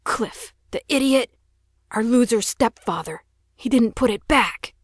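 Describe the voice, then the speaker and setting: Scared, angry teen boy, loud and agitated, read by a woman, dry close audiobook. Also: medium pitch, fairly quick, slightly rough, no room sound, natural voice. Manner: agitated, exclaiming. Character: teenage boy, scared and frustrated.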